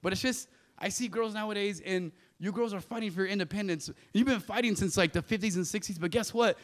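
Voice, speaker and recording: A man's voice: high voice, quick pace. A man doing a loose, profane stand-up set on a club stage, often laughing at his own jokes. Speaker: stand-up comedian. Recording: live club with audience.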